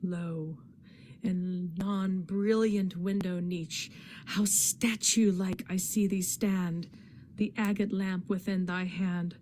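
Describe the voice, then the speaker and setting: A woman reading poetry aloud in a dramatic, expressive recitation. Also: fairly low pitch, takes it slowly, slight background noise. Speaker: poetry reader in a readathon.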